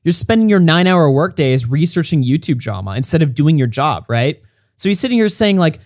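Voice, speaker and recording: A man's voice: on the high side, sing-song, a little fast, a little mellow, dry recording, studio quality. A man streaming, reacting to a critic's video with mocking, sarcastic, heavily profane commentary. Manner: mocking, sarcastic, heavy swearing.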